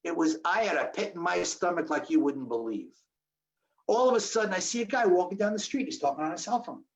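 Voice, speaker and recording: A man telling a survival story to an audience, acting out the dialogue with sudden jumps in his voice. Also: brisk. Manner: animated, acts out quoted dialogue with sharp pitch jumps. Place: audience hall. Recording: dull lo-fi recording.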